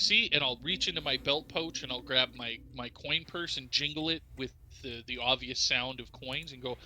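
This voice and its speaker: A man playing a tabletop game, speaking fast and persuasively as his character. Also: mid-range voice, bright, forceful tone, slight background noise. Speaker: player. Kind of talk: tabletop role-play.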